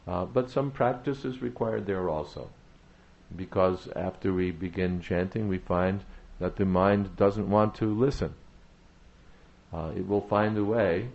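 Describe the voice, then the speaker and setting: A man giving a devotional talk on chanting, speaking in a measured way, pausing often with "uh" and repeating phrases for emphasis. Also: low voice, vocal fry, darkish tone, lo-fi sound. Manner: measured, repetitive emphasis with frequent "uh" pauses. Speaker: spiritual teacher.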